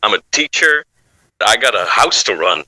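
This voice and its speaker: A man's voice: on the low side, big pitch swings, moderate pace, bright, forceful tone, no echo, poor audio. A man from Belgium, a hobbyist voice actor, chatting and joking on a live podcast. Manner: joking, self-mocking, laughs often. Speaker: voice actor guest. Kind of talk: casual live podcast chat.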